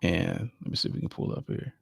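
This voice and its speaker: A man hosts a live sports podcast, talking fast in a laid-back, chatty manner. He repeats phrases and frequently speaks straight to listeners, calling them y'all; the recording is dry with clean studio sound.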